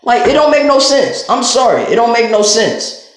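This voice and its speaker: A very high-pitched man goes off in a blunt, profanity-laced rant straight to camera. His voice bounces around a strongly echoing room. He sounds confrontational and fed up, and he speaks his mind without holding anything back. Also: very animated, moderate pace, a bit bright, slight background noise. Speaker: vlogger. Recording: very echoey room.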